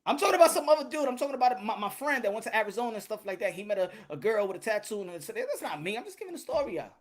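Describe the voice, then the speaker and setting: A man's voice: sits high, very animated, racing. A man hosting a podcast, casually telling a story, laughing often and switching between English and Spanish. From Dominican Republic. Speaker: podcast host.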